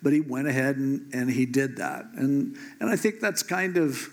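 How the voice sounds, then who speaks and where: Joking, animated preacher man. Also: medium pitch, moderate pace. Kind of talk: humorous Bible storytelling sermon.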